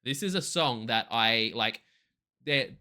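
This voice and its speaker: Enthusiastic man with a very bright voice. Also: medium pitch, lively intonation, takes it slowly. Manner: enthusiastic, thinking aloud. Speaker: music reaction host. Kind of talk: casual reaction commentary.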